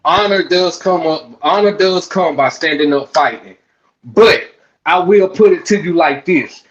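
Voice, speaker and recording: A man on an online panel with a fairly high voice, arguing calmly and in measured steps. His audio sounds dull and lo-fi. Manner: calm, measured, repeats his point. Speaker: panelist on a sports stream. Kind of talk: casual panel debate.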